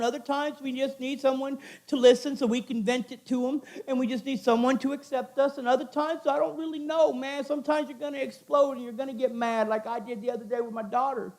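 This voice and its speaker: A very high-pitched middle-aged man delivers an informal sermon. His talk is earnest and conversational, and he circles back over his points again and again. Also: steady tone, brisk, hardly any pauses, a little mellow. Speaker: chapel speaker.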